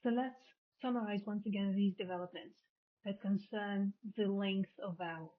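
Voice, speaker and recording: Here a linguistics lecturer, a woman, keeps a steady tone, medium pitch and moderate pace while patiently going over each term again and putting it differently. The recording sounds tinny, as if over a phone.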